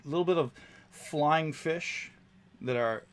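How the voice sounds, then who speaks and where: A man narrating as game master, describing scenes slowly with frequent fillers and restarts. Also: a little high, smooth. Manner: descriptive, halting, many fillers.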